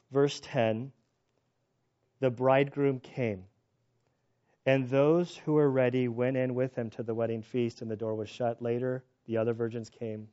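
A man's voice: mid-range voice, lo-fi sound. A man who is a pastor and chaplain, preaching a sermon full of personal stories and often breaking off to restart his sentences. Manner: animated, acts out quoted voices, self-interrupting restarts.

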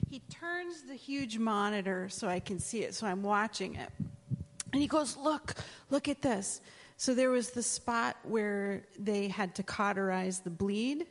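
A woman sharing a testimony at church, telling the story in a lively way and acting out other people's voices. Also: medium pitch, measured pace, long reverb tail.

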